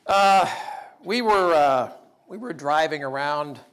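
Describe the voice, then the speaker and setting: High, lively-voiced man telling stories. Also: slow pace, clear, resonant tone. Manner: wry, self-deprecating humor. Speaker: public speaker. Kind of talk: storytelling talk.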